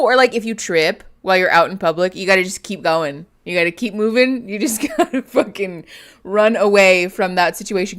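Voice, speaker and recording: Chatty lower-voiced woman streamer. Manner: chatty, laughs often, fillers like "like". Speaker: therapist and livestream host. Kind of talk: casual live-stream chat reading comments.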